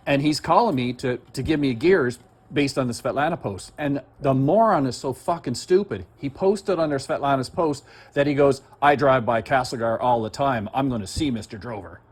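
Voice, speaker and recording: A man's voice: medium pitch, moderate pace, husky. An agitated man ranting in heated, profane, rambling conversation as he makes a complaint. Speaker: complaining citizen.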